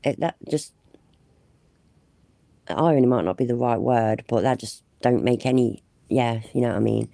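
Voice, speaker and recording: Gravelly woman, exasperated streamer. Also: very deep voice, normal speed, warm tone, no room sound. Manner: exasperated, swearing, chatty asides to viewers. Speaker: live-stream commentator. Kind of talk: casual reaction commentary.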